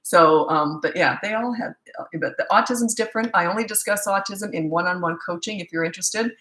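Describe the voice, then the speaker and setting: Fast-talking older woman, echoey room. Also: medium pitch, fairly bright tone. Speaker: parenting coach. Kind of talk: live-stream Q&A.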